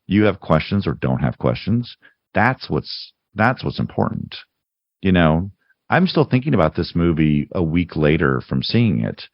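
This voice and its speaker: A man's voice: low voice, big pitch swings, unhurried, no echo. A man co-hosting a podcast, chatting casually about films and rambling with frequent restarts. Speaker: podcast co-host. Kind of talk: casual film discussion. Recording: dull lo-fi sound, dry.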